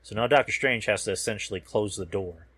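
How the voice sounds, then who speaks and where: A man's voice: lowish voice, fairly quick, fairly bright tone, husky. A man hosting a podcast, casually recapping a film trailer while watching a show, rambling and swearing, often losing his words. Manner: rambling, profane, loses words mid-sentence. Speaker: podcast host.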